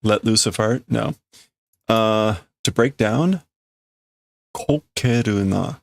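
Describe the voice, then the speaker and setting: Slow, gravelly man thinking aloud. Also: on the low side, no echo, clean studio sound. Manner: musing, self-correcting, chuckling. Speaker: live-streamer translating manga. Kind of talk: casual live translation, thinking aloud.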